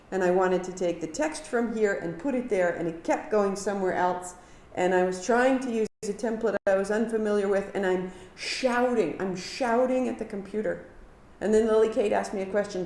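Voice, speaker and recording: A woman teaching a live kundalini yoga class, giving calm movement cues and sharing earnest reflections. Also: mid-range voice. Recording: echoey room.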